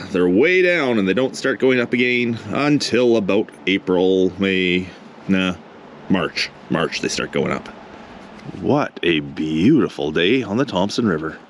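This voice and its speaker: Guy prospecting by a river, chatty and excitable, wind buffeting the mic. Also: low-pitched. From Canada. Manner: chatty, excited exclamations over finds. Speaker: gold prospecting vlogger. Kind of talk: casual outdoor narration. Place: outdoors by a cold river in wind.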